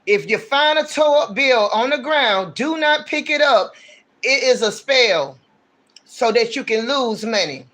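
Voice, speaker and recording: A man's voice: very high-pitched, animated, a little slow, pushed and bright. A man giving a casual livestream tarot reading, talking in a blunt, slangy, ranting way. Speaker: tarot reader.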